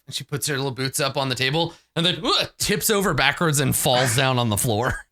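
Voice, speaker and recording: Male game master, casual quick narration, dry close mic. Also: medium pitch, expressive, pushed and bright, no room sound. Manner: quick, loose narration with fillers.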